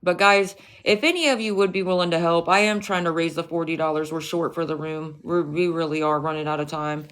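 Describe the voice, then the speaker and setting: A woman rants on her livestream, swearing freely and hitting back at a rival with open scorn. Her voice sits a little low for a woman. She mixes angry lines with mocking jabs aimed at the chat. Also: fairly quick, hardly any pauses. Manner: profane, confrontational ranting.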